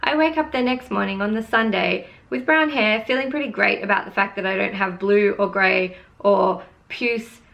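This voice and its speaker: Young woman vlogger, fry-heavy voice, mid pitch, exasperated storytime venting. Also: normal speed, few pauses, a bit bright. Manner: exasperated, vents and swears casually. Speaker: beauty vlogger. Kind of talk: storytime vlog.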